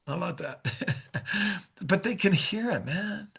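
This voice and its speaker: A man's voice: sits high, animated, slow pace, gravelly, pushed and bright, breathy edge. A middle-aged man teaching a sales lesson in an upbeat coaching manner, acting out sample phone calls. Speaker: sales trainer.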